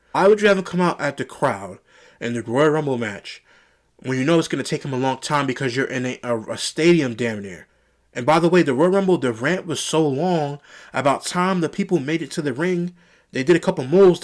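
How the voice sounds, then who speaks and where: A young man giving an exasperated, rambling solo review of a wrestling event, often repeating himself. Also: fairly high pitch.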